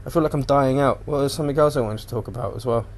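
Casual male podcaster, rambling and sweary, average pitch. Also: racing. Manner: rambling, sweary, animated retelling. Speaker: podcast host. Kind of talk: casual solo chat.

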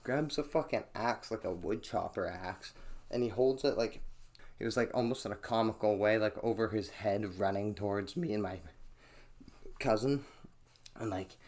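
Rambling, profane podcast host telling stories. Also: male voice, fairly low pitch, moderate pace, a little mellow. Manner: rambling, profane, many "like" fillers. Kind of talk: casual solo storytelling. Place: small home room. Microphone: microphone on a chair covered in a towel.

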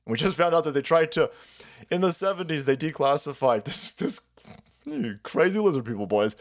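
A sarcastic, foul-mouthed man running a livestream rant, his pitch leaping up and down as he mocks one target after another. His voice sits a touch high for a man, and he rambles loosely, breaking off to laugh between lines. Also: lively intonation, fairly quick. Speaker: livestream host.

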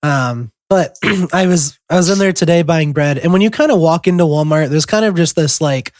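A young man co-hosting a podcast, rambling through a casual story with lots of ums, throat-clearing and chuckles. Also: a little high, normal speed, a little mellow, no room sound, studio quality. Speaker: podcast co-host.

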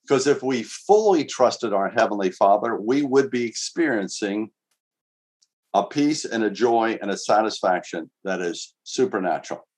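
A man's voice: lowish voice, lively intonation, normal speed, darkish tone. Earnest man preaching a conversational sermon. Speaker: pastor. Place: outdoors in winter.

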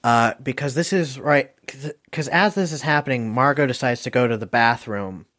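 A man hosting a casual podcast, animated, laughing often and swearing freely. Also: medium pitch, normal speed. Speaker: podcast host.

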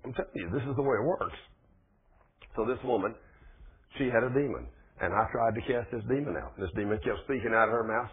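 Guy preaching, husky voice, sounds like an old phone-quality radio broadcast. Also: mid-range voice, animated, fast talker. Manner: folksy, asks the congregation questions. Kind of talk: folksy sermon.

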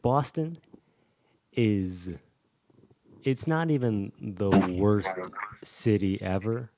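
A man's voice: on the low side, drawn-out words, very noisy. A man co-hosting a podcast in casual chat, often stammering and turning dryly mock-serious. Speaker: podcast co-host.

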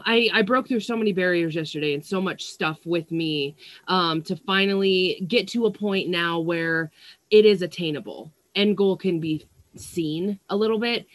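Sitting in a small, stuffy room at home with fans going, a young woman, a psychic medium and astrology vlogger, chats casually on a livestream via an earphone mic. She rambles and swears frequently between fillers. Her voice is on the low side and a bit bright, and the recording is dry.

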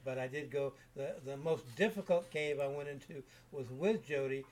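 A man in his seventies, an interview guest, telling rambling caving anecdotes in a relaxed, casual way with frequent restarts. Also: medium pitch, normal speed. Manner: rambling, self-repeating anecdotes. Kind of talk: casual storytelling.

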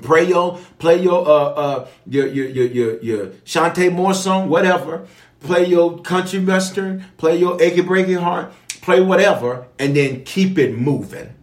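This pastor leads prayer for an online audience in a livestream sermon, repeating key phrases and urging viewers to respond. His voice sits on the high side and moves a little slowly. The room around him is echoey.

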